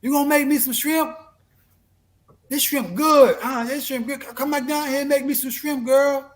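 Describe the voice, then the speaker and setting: A man putting on a shrill, pushy shrimp-demander. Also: fairly even intonation, normal speed. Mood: demanding. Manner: loud, demanding, playful. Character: loud person yelling for shrimp from downstairs.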